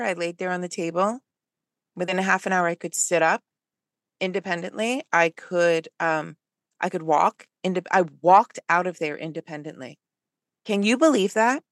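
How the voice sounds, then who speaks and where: A woman guest telling a personal story in conversation, animated and lively, with frequent fillers and restarts. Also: fairly low pitch, no room sound, clean studio sound. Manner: animated, lively storyteller who acts out what people said; hesitant, with many fillers and restarts.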